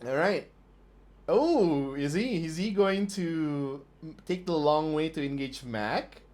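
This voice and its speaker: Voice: mid-range voice, animated, takes it slowly, a little mellow. A stream host commentating a tabletop wargame live, laughing constantly and swearing in disbelief at the dice rolls.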